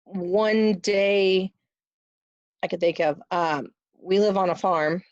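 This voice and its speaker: Woman guest, somewhat low voice, casual storytelling, chatty with fillers, dry lo-fi recording. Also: fairly even intonation, slow, darkish tone, dry recording. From rural Florida. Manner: chatty, lots of "like" and "um".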